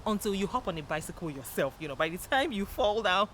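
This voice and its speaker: Clear, steady traffic hums behind this upbeat woman, a motivational YouTuber, and the recording is rough. She moves at a quick pace, chatting energetically, laughing a lot, and now and then letting out loud, high-pitched greetings.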